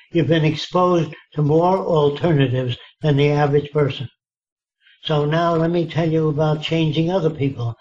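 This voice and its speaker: A man's voice: on the high side, darkish tone. Older man telling anecdotes, muffled. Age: 90s. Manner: anecdotal, acts out quoted dialogue, emphatic asides. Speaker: interviewee. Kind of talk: storytelling in a relaxed interview.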